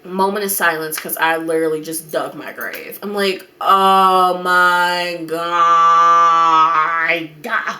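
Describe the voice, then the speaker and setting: A young woman vlogger telling a dramatic story in an animated, over-the-top way, swearing now and then. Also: low voice, normal speed, few pauses. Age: young adult.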